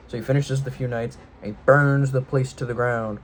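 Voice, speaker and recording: A man's voice: medium pitch, steady tone, brisk, a little hiss or hum, rough recording. Offhand rambling man retelling game lore. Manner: rambling, offhand and irreverent, with loose jokey paraphrase. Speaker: video host.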